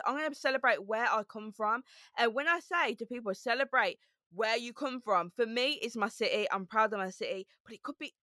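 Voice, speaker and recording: Bright-voiced Brummie woman with a lisp. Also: on the high side, brisk, dry recording, clean studio sound. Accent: Brummie, softened. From Birmingham, England. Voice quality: slight lisp. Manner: upbeat, emphatic, repeats key phrases. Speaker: podcast guest. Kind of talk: casual interview chat.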